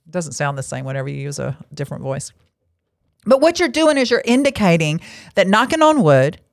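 Seated at an indoor table, a woman who hosts a podcast and works as a lay marriage counselor leads a casual Christian teaching talk. She speaks frankly and gets to the bottom line, tossing in chatty asides. Her voice is medium in pitch, recorded with studio quality and no echo.

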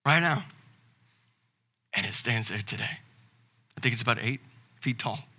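A male pastor with a Southern American accent delivering a sermon, building to loud, emphatic preaching and then dropping to a quiet tone. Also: medium pitch, unhurried.

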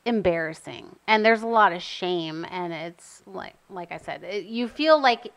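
A young woman and mother telling a personal story in casual chat, animated and full of "like", acting out what people said. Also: lowish voice, measured pace. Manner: animated, acts out quotes, says "like" often. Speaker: mother of an autistic son.

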